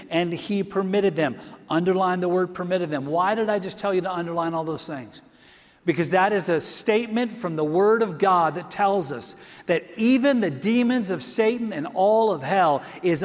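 High-voiced preaching man in a reverberant hall. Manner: emphatic preaching, drops to a hush for effect. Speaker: pastor. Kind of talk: sermon.

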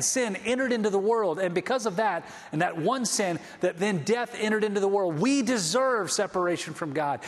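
Impassioned male preacher in a reverberant hall. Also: high voice. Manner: impassioned preaching with repeated restarts. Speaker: pastor. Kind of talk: sermon.

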